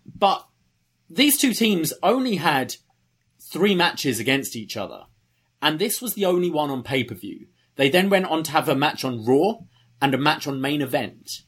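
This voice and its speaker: Husky-voiced man chatting casually. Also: a little high, lively intonation, normal speed, a bit bright. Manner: conversational, recounting wrestling history. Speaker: podcast co-host. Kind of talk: casual chat.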